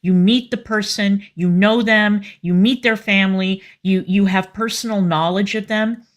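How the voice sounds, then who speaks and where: A woman's voice: medium pitch, steady tone, moderate pace, muffled recording. A woman co-hosting a casual live stream, blunt and scolding, swearing freely. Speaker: co-host.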